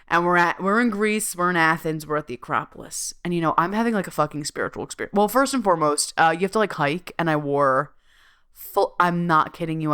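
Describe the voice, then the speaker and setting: Brief: woman podcast host with a lowish, smooth voice, chatty and profane, in a dry room. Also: a bit bright, dry recording. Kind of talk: casual monologue.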